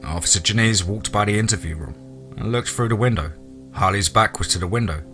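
A man reading a horror story aloud, in a steady storytelling manner. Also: on the low side, brisk. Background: faint music.

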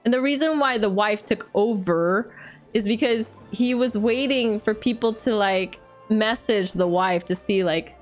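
A woman's voice: medium pitch, a little slow, soft background music. Giggly young woman streamer. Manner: animated, giggly, chatty with chat. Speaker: streamer reading a story. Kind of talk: reading a story aloud, then casual chat.

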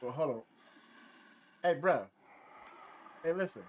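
A man's voice: a little high, sing-song, slow, pauses often, a little hiss or hum. A man streaming a horror game, reacting nervously, swearing and talking back to the characters. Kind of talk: casual live gameplay commentary. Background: game music.

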